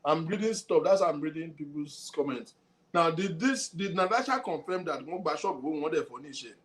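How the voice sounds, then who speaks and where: Nigerian man hosting, slightly high voice. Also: lively intonation, a little fast. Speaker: host. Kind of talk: commentary on a clip and on viewer comments.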